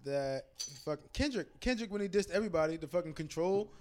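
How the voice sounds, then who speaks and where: Brash man, high voice, casual profane storyteller, slight background noise. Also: lively intonation, brisk, darkish tone. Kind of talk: casual chat.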